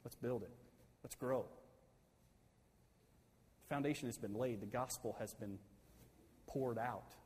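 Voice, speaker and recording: A man preaching a sermon in a church sanctuary, his voice at an ordinary pitch for a man. He builds to loud, emphatic peaks and then falls back to a soft, intimate tone. A long reverb from the hall trails behind his words. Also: measured pace, long pauses, husky. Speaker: pastor.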